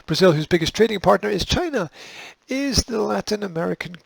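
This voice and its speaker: Gravelly man with sarcastic news asides. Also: sits high, expressive, brisk, no echo, poor audio. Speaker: host. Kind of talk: reading news and commenting.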